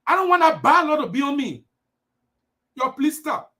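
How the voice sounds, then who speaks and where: Impassioned Liberian man, lively high voice. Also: moderate pace, pauses often. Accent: Liberian English. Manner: emphatic, repetitive, preachy. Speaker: live stream host. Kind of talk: impassioned political livestream.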